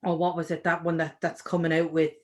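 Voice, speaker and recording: An Irish woman speaks as a guest on a video-call interview. She is chatty and animated, often restarting her sentences mid-thought. The sound is that of a home video call. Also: low-pitched, fast. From Ireland. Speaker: author guest.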